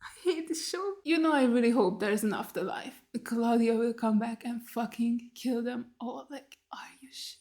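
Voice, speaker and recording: A woman with a fairly high voice vents in a casual on-camera reaction. She is blunt and swears freely, sounding upset and exasperated, and throws out rhetorical questions with "like" all through her talk. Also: moderate pace, a little mellow. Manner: blunt and heavily profane, talking straight at the screen. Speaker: YouTube reactor watching a TV series.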